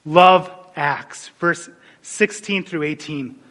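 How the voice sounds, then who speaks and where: A man preaching a sermon, animated and storytelling, dropping suddenly into quiet asides. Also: a little high, slow. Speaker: pastor. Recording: long hall reverb.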